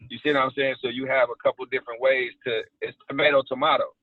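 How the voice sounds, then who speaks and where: An actor from Chicago's South Side, guesting on an interview, tells stories in an animated, casual way full of street slang. His mid-range voice is fast, and the recording is dry with a thin, phone-like sound.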